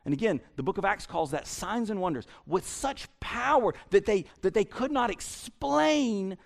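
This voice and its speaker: A male pastor preaching with a fairly high, gravelly voice. He is animated and repeats words as he builds each point. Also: measured pace. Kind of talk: sermon.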